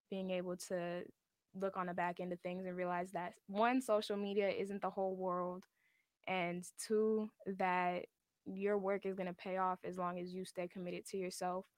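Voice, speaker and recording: A woman's voice: fairly low pitch, flat delivery, a little slow, no echo, clean studio sound. Thoughtful young woman, reflective talk. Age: teens. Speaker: high school basketball player guest. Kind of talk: podcast interview. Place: studio.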